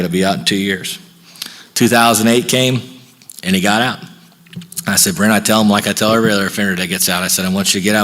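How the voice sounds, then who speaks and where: Sharing his personal story as a speaker at a recovery workshop, a middle-aged man uses a folksy storytelling manner. His voice is somewhat low with a fairly bright tone, and he plays both parts of every exchange with rapid back-and-forth.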